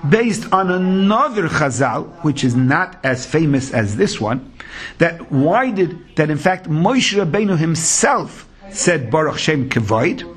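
Animated rabbi in singsong Talmud chant. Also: male voice, fairly high pitch, measured pace. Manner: sing-song Talmudic chant, mixing Hebrew and Yiddish terms. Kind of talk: Talmud lesson in Yeshivish English.

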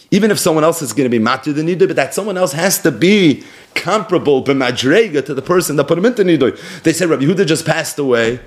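Man teaching Talmud, lively and conversational. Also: a little high. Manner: lively, conversational, chants Aramaic then paraphrases. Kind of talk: Talmud class, translating and explaining.

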